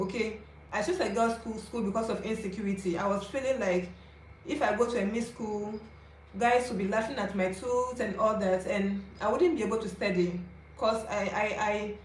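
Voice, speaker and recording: A young woman in her twenties with a Ghanaian English accent vlogs her personal story to camera in a mid-range voice, confiding and chatty, checking in with viewers. The recording has roomy echo, faint ambience and a little hiss or hum.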